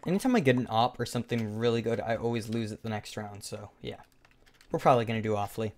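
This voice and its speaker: A young man giving live commentary over his own video game match, in a sarcastic and excitable play-by-play manner. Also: lowish voice, fast. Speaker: gaming YouTuber.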